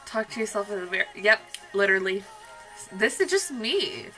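A woman's voice: medium pitch, expressive, moderate pace, bright, forceful tone, poor audio. A young woman hosting a music video reaction, chatty and gushing as she comments. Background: faint music.

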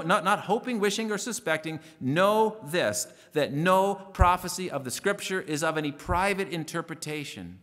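A male pastor delivering a sermon in an earnest, emphatic way, slowing down to read scripture verses. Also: fairly high pitch, a bit bright, big-room sound. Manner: earnest preaching, rising emphatic stresses, slows to read verses. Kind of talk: radio sermon.

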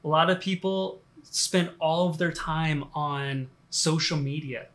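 Relaxed man preaching casually. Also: fairly high pitch, slow. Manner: relaxed, talks in fillers and restarts. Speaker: pastor. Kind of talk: conversational sermon.

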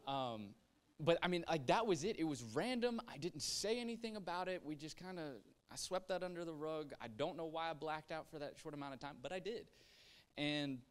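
Chatty young man giving testimony. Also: mid-range voice. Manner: chatty, many "like" fillers, self-mocking humor. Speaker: pastor sharing testimony. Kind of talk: casual personal testimony.

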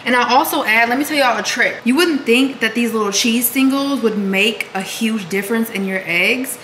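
A young woman vlogs casually to camera from her kitchen and bedroom at home, chatting with viewers like friends and calling them "girl" and "y'all." Her fairly high voice is fairly bright and moves at normal speed, with slight background noise.

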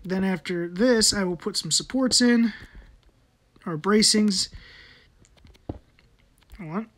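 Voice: medium pitch, slow, a bit bright. A person giving casual gameplay commentary, muttering to themselves while building and swearing often.

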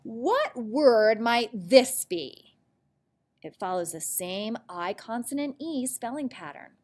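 Young woman teacher, slow and animated, clear encouraging spelling-lesson delivery. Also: fairly high pitch. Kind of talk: recorded spelling mini lesson.

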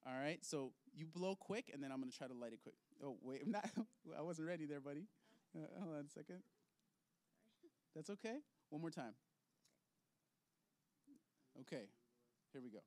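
A man's voice: on the high side, expressive, normal speed, pauses often, a little mellow, no room sound. A man leading an object lesson for kids in a children's ministry, upbeat and playful, laughing often.

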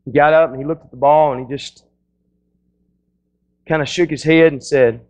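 Folksy storytelling male pastor, higher voice. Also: steady tone, moderate pace, a little mellow, rough recording. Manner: folksy, storytelling, many restarts. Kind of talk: sermon.

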